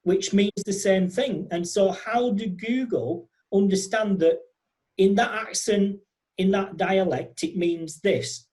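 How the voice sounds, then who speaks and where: A podcast host, chatting enthusiastically and animatedly in quick bursts. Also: medium pitch, a little mellow. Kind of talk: casual interview chat.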